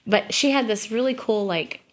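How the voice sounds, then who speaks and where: Earnest woman telling a personal story. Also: normal speed. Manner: earnest, tumbling restarts and self-corrections; acts out quoted voices with lifted pitch. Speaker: guest, gospel singer. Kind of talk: casual storytelling in conversation.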